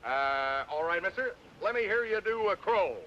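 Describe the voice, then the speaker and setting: A grumpy sheriff barking at folks, dull hissy old tv sound. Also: male voice, high-pitched, expressive, moderate pace. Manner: blunt, barking orders. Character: gruff small-town sheriff, middle-aged.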